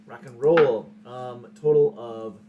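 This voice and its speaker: A man's voice: mid-range voice, fairly even intonation, takes it slowly, narrow, tinny audio, slight background noise. Brash joking man playing a tabletop game. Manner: brash, joking trash talk. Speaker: player.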